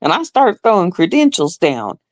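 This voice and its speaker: A woman's voice: fairly low pitch, sing-song, moderate pace, dry recording. A woman, telling a story on a live stream. She sounds indignant, repeats herself, and acts out other people in a raised voice.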